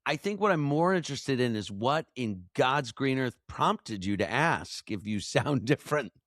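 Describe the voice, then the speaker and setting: A man hosts a podcast in relaxed, joking conversation. He teases his co-hosts and steers the talk. The mic sound is dry and close. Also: mid-range voice, moderate pace, dry recording. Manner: playful, teasing, leads the conversation. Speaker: podcast host. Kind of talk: casual chat.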